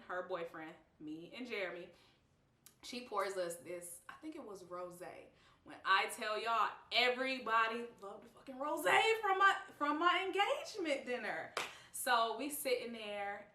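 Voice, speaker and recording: A young woman vlogger telling a casual storytime, blunt and slangy, laughing often and acting out what people said. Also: medium pitch. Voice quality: animated, expressive, lively quoting of others. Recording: roomy, slightly distant mic.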